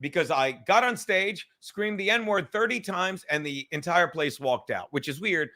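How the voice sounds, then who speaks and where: A fairly high-pitched man with a bright, tense edge to his voice, hosting a casual livestream from home. He rambles loosely and swears freely, joking as he goes. The talk feels offhand and unscripted. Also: lively intonation, measured pace. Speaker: comedian and livestream podcast host. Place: at home in a cluttered room.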